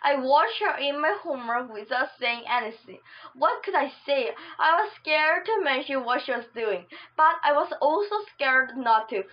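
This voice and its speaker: A woman's voice: sits high, lively intonation, moderate pace, dull audio. A woman reading a children's chapter book aloud in a plain storytelling way, with some slips and restarts. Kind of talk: amateur audiobook reading.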